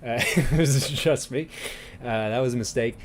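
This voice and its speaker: A man's voice: medium pitch, normal speed, a little hiss or hum. A man from Newfoundland with a light townie accent, hosting a livestream, chatting casually, laughing often and restarting his sentences. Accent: light St. John's Newfoundland. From Newfoundland, Canada. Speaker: livestream host. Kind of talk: casual chat reacting to viewers.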